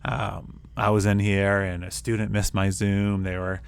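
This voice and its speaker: A male STEM teacher and co-host. He talks in a casual, energetic way, telling classroom stories and acting out what he said. He is recorded in a school STEM lab. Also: fairly low pitch, measured pace, gravelly, smooth. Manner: energetic storyteller who acts out his own quotes. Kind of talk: casual chat.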